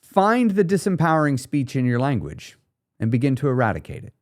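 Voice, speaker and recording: Fairly quick and medium-pitched, a weight loss podcast host delivers a solo coaching monologue. He's blunt and casual, full of slang, animatedly addressing listeners head-on.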